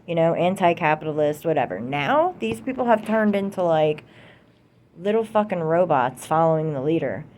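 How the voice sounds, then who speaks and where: A woman's voice: sits low, animated, normal speed, a little mellow, a little hiss or hum. A young American woman delivering a heated, profane political rant to camera, repeating herself for emphasis. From United States. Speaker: vlogger.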